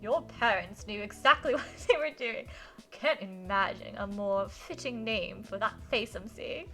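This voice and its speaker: A woman's voice: medium pitch, measured pace, fairly bright tone, faint music behind, pitched below the performer's own voice. Woman doing a hammy fake-British flirt. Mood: flirty. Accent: mock British. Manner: theatrical, overdone, giggly.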